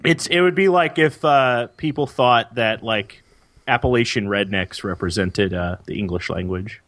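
A man's voice: fairly low pitch, normal speed. A man hosting a podcast, joking around in casual chat. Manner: lively, jokey, fake French bits. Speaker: podcast host.

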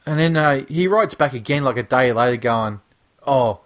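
A man in casual podcast chat who rants and mocks with a sarcastic edge. He swears often and riffs on stories in an unforced, everyday voice at a middling pitch. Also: expressive, fairly quick. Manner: swears a lot, ranting and sarcastic. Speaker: podcast co-host.

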